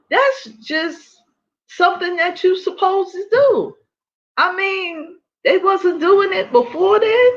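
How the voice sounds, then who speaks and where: A middle-aged woman hosts a casual livestream, speaking animatedly, laughing a lot, and repeating her points for emphasis. Her voice is a little high, and the sound is lo-fi.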